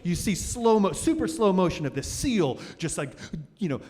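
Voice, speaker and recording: A man tells a personal story live on stage in an animated, vivid way, restarting phrases as he goes. His voice sits a little high. A long reverb from the cultural center hall trails every line. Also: normal speed.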